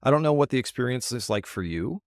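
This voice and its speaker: A man with a Canadian accent, a podcast guest, telling a story in a casual, animated way and acting out the voices he quotes. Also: mid-range voice, fast talker, no room sound, studio quality.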